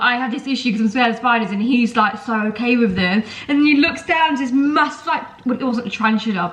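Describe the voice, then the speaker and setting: A woman's voice: sits high, bright, forceful tone, poor audio. A young woman with a sore throat chatting casually to camera in her home kitchen, telling stories with lots of ums and likes. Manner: chatty, storytelling, lots of fillers like um and like. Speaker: vlogger.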